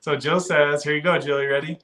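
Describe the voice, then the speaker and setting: A man hosting a casual livestream, reading and answering viewer comments in a relaxed, chatty way with plenty of filler words. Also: a little high, fairly quick. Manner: relaxed, chatty, many 'uh' fillers, addresses viewers as guys and my friend. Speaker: livestream host.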